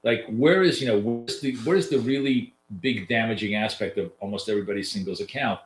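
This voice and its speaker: A man's voice: lowish voice, a little fast. A man with a nasal voice, giving loose, chatty live trading commentary to viewers as a coach, with lots of fillers and restarts. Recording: roomy echo.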